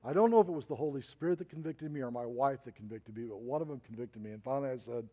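Male pastor, middle-aged, sermon storyteller; relaxed, dark tone. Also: medium pitch, very fast, hardly any pauses. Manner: storytelling preacher with emphatic rises and drops.

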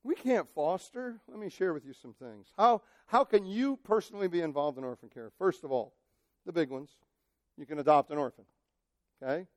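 A male pastor preaching a sermon, impassioned, moving from shouted cries to near-quiet asides. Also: a little high, lively intonation, moderate pace, dry recording, studio quality.

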